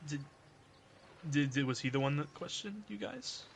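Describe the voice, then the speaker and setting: A man's voice: a little high, expressive, moderate pace, gravelly, a little hiss or hum. A man playing a tabletop game, asking questions in a hesitant way and often repeating his words. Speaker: player.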